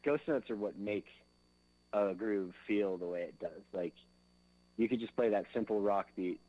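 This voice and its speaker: A man with a slightly low voice talks casually as a drummer in an interview. He rambles and leans on fillers. Now and then he sings grooves with his mouth to show how they go. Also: moderate pace, warm tone, low-quality recording. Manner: loose and rambling, fills with "like" and "you know".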